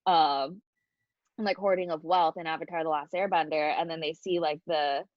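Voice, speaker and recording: Female host, lower voice, chatty; dead-dry muffled video-call audio. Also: steady tone, normal speed, no room sound. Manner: chatty, filler-heavy. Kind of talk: casual video-call interview.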